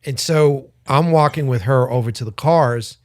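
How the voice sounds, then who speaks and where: This podcast co-host speaks at medium pitch and a moderate pace, captured in a dry, studio-quality recording. His casual story wanders and swears freely, and he animates it by doing the voices of those involved.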